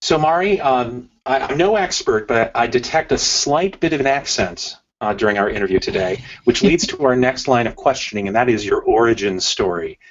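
A man's voice: mid-range voice, lively intonation, normal speed, few pauses. Hesitant man asking interview questions. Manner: hesitant, filler-laden. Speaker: podcast co-host. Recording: slightly dull audio.

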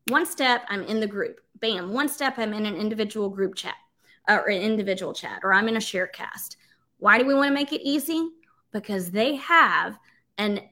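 A woman presenting a live workshop for educators, talking in an energetic, conversational way and reading chat comments aloud. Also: fairly high pitch. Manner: energetic, conversational, emphatic with filler words.

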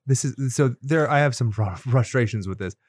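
A man's voice: medium pitch, moderate pace, no room sound, clean studio sound. A man in casual chat, wisecracking and crude, making frequent jokes. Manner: wisecracking, crude jokes, jumps into loud impressions. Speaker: podcast co-host.

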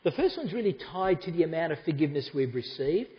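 A man's voice: a little high, sing-song, quick pace, long reverb tail, lo-fi sound. A man preaching a sermon to a congregation, talking conversationally and making asides to the people in front of him. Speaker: pastor. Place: church hall.

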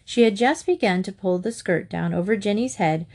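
A woman reads a children's chapter book aloud in an even, mid-pitched voice. She keeps the narration clear and friendly and lifts her pitch when the children speak. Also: moderate pace. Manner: lively, raises pitch for children's lines. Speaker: audiobook reader. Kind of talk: storybook narration with character voices.

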